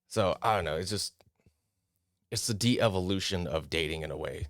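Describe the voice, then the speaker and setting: A man's voice: low-pitched, moderate pace, creaky, slight background noise. A man hosting a casual talk show, reading an article aloud and giving his opinions, often mocking other people's lines in exaggerated voices. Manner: animated, mocking impressions of others. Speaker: podcast host.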